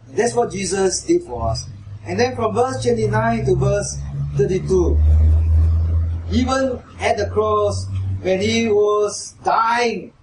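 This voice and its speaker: Speaking slowly in a high voice, a pastor delivers a sermon, putting questions to his listeners and getting louder as he quotes mockers. The church hall echoes, the mic is far away, and there is background noise.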